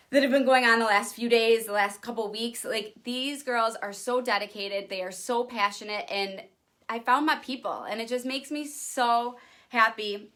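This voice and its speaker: A young woman in a direct-to-camera vlog, gushing and excitable, pitching her home business to viewers and saying "you guys" and "like" over and over. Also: normal speed. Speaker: direct sales promoter.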